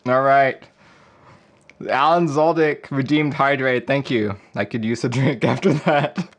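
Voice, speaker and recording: A man's voice: medium pitch, a little slow. A man hosting a casual livestream, rambling and chuckling as he reads viewer messages. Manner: rambling, chuckling, reading chat aloud. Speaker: livestream host. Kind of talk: casual live-stream chat.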